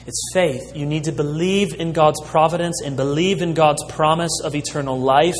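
A man preaching a sermon as a pastor, slow and emphatic, with dramatic pauses. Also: a little high, fairly even intonation. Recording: long hall reverb.

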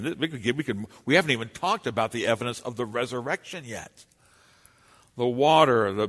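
A man's voice: medium pitch, fairly bright tone. A man preaching a sermon in an earnest, emphatic way, his voice rising and falling for emphasis. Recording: long hall reverb.

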